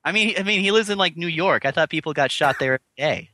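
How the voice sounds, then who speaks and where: Lively, bright-voiced male guest. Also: on the high side, no room sound. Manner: quick, joking riffs. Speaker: podcast guest. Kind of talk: casual comedic banter.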